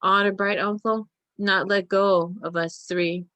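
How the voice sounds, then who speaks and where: A woman voicing an earnest, secretive young boy who speaks gravely and pleads with his uncle. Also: medium pitch, steady tone, unhurried, sharp tone, no room sound. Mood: pleading.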